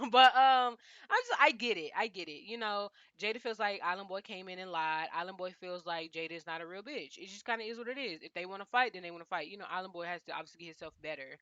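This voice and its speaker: A young woman casually recapping a reality show, chatty and animated, full of slang, often talking straight to the cast members. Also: mid-range voice, a little fast, clear, resonant tone, dry recording, highs cut off.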